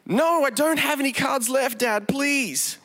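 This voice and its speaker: A man voicing a young son pleading with his father for mercy in a retold story, in a high pitch. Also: a little slow, sharp tone, exaggerated voice.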